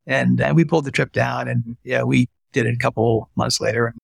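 A middle-aged man, a retired army physician, talking as a guest in an interview and telling lively stories. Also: medium pitch, brisk, vocal fry, no room sound, studio quality. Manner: animated storyteller, acts out quoted voices. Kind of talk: conversational storytelling interview.

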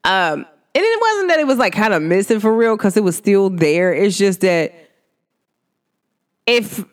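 A chatty spiritual reader gives a casual energy reading straight to the listeners. The voice sits in a middle pitch but swings widely up and down, with drawn-out hums between thoughts and sudden high jumps into laughter. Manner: chatty and animated, addresses listeners directly.

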